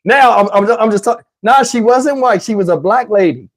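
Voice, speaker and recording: A man doing stand-up storytelling, animated and addressing the audience. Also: high-pitched, a little fast. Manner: animated, talks to the audience, mimics voices. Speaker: comedian telling a story.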